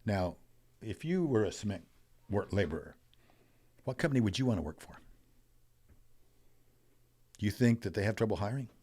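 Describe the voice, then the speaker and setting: Older man, very deep voice, podcast guest, animated storytelling, swelling emphasis. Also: moderate pace, long pauses. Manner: animated storyteller, rising and falling in loudness. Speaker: podcast guest, wealth coach.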